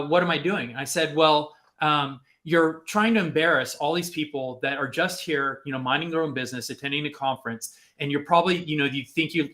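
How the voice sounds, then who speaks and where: A man on a podcast telling a personal story in a casual, animated way, acting out the people he quotes. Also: on the high side. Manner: animated, acts out quotes with lots of fillers. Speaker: podcast host.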